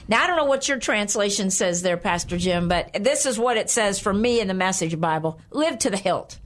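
A woman's voice: medium pitch, lively intonation, fairly quick, few pauses. Older woman teaching the Bible, chatty. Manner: chatty, laughing, with frequent okays. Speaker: co-host of a Christian program.

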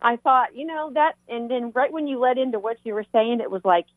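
An older woman with a Southern US accent, sharing animated faith testimony on a talk show. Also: fairly high pitch, a little fast, no echo. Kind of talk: Christian talk show chat. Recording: tinny phone-like line.

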